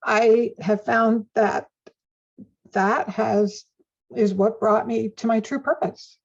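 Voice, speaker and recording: An older woman talks as an interview guest, animated and quick to laugh. Her voice sits a little high with a gravelly edge. The recording sounds dull and lo-fi. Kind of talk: conversational interview.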